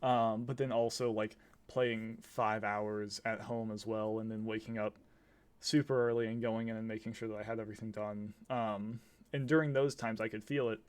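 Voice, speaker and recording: A young man chats on a podcast, explaining his ideas with lively energy and breaking into laughs. His pitch sits in an ordinary middle range. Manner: animated, laughs while explaining. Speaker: podcast co-host. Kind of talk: casual chat.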